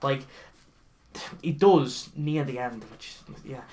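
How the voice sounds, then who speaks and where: A man co-hosting a casual comedy podcast, animatedly recapping a bad movie with lots of swearing and quick character impressions. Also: mid-range voice. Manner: animated, swearing, mimics characters mid-story. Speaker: podcast co-host.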